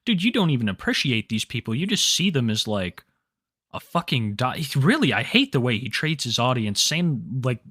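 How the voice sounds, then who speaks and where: A man co-hosts a loose podcast chat, relaxed and sarcastic. His voice is mid-pitched. The sound is dry and close. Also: normal speed, slightly rough, no echo. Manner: laid-back, laughing, sarcastic. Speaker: podcast co-host. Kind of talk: casual chat.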